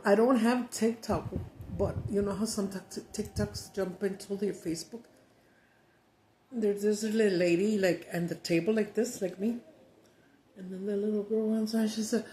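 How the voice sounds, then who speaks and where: Chatty woman, gravelly voice. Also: mid-range voice, mellow, rough recording. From Mexican-American from the United States. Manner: chatty storyteller, switches between English and Spanish. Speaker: mukbang vlogger. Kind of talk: casual chat to camera.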